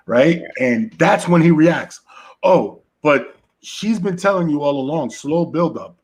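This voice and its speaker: A man's voice: fairly high pitch, animated, unhurried, a little mellow, slightly rough. A man co-hosting a podcast, chatting casually about relationships and telling stories with frequent "right?" asides. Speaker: podcast co-host.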